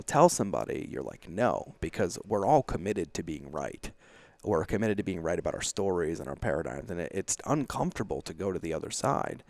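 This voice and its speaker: Very deep gravelly-voiced man, candid. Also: darkish tone, no echo. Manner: emphatic, confessional, acts out quoted dialogue; frequent "like" fillers. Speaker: podcast guest. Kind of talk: candid conversational storytelling.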